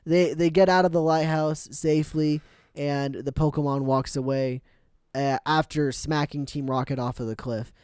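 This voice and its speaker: A man's voice: fairly high pitch, steady tone, moderate pace, few pauses, darkish tone, smooth, no echo, studio quality. Giggly man recapping cartoon episodes. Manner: giggly, acts out quotes with silly voices. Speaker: podcast co-host. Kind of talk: casual recap chat.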